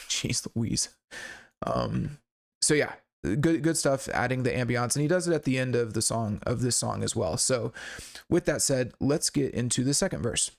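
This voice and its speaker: A man's voice: medium pitch, sing-song, moderate pace, gravelly. A man hosting a casual song breakdown, talking in a laid-back, rambling way with lots of fillers and restarts. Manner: laid-back and candid, with occasional swearing. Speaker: songwriting channel host.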